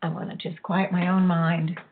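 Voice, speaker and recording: A woman leading a guided spiritual healing, speaking softly and emotionally, with halting pauses and a husky voice. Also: on the low side, level tone, slight background noise. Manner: soft, emotional, halting, tearful at times. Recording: tinny phone-like line.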